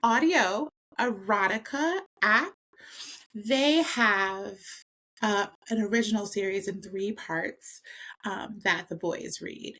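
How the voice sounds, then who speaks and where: A woman's voice: medium pitch, slow, bright, forceful tone. A woman guest on a podcast, explaining things eagerly in casual chat and laughing often. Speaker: podcast guest, consent educator.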